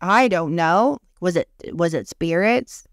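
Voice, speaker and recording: A woman's voice: on the low side, slow, no room sound, studio quality. A woman in her thirties, a podcast co-host, telling a creepy personal story in casual chat, swearing freely and acting out what people said. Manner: animated storytelling, swears freely, acts out quotes.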